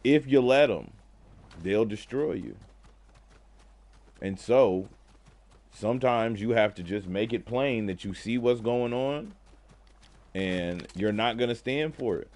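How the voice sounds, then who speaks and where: A man talking casually while playing a video game, telling a fable and musing on life in relaxed slang. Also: mid-range voice, slow, pauses often. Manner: laid-back, slangy, reflective. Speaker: gaming streamer. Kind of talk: casual gameplay commentary with storytelling.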